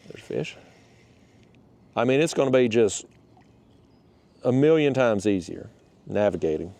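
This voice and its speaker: A man's voice: mid-range voice, animated, normal speed, warm tone, no echo. A man talking casually while fishing from a kayak outdoors, rambling and a bit out of breath. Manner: rambling, restarts, folksy phrasing. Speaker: fishing vlogger.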